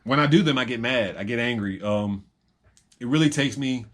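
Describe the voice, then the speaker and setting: Male vlogger, mid pitch, reflective and unscripted, pauses and restarts often. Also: fairly bright tone. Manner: reflective, halting, with many ums and restarts. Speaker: vlogger and reseller. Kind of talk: rambling personal vlog.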